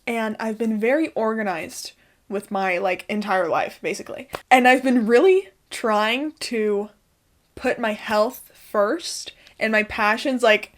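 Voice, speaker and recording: A woman's voice: a little high, slow. A young woman talking to camera in a casual, chatty way, swearing freely and laughing often as she shares her routines from home. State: out of breath. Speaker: spiritual lifestyle vlogger.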